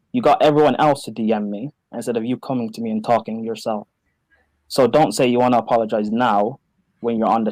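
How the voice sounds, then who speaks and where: A man's voice: medium pitch, darkish tone, no echo, poor audio. A man hosting a live stream, firmly demanding an explanation. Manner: firm, demanding, controlled. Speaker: stream host. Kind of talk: confrontational moderation.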